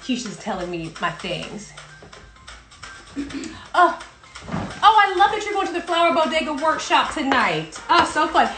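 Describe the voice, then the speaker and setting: A woman's voice: high-pitched, very animated, measured pace, long pauses, pushed and bright, reverberant, faint music behind. A woman from South Carolina with a Southern accent, hosting a playful, chatty livestream show from her home. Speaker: host. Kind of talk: casual livestream chat. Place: home in Brooklyn.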